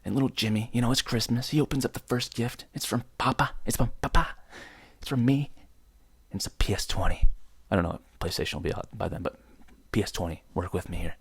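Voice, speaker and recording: A young man hosts his own podcast with a solo comedic rant, joking, rambling and mock-outraged. His mid-range voice is husky and quick, recorded close to the mic with no echo.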